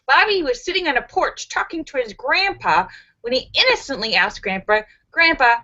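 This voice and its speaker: A woman's voice: high-pitched, lively intonation, normal speed, bright, forceful tone, highs cut off. A woman hosting a casual live stream, bubbly and sassy, giggling between jokes and greetings. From United States.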